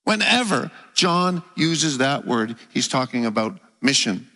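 A man preaching a teaching sermon, explaining step by step and slowing down to stress key words. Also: mid-range voice, very animated, sharp tone, long reverb tail.

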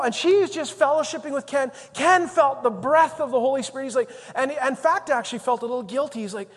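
A man preaching a sermon as the pastor, telling a story in an animated way that swings between loud and soft. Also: extremely high pitch, a little fast, hardly any pauses, big-room sound.

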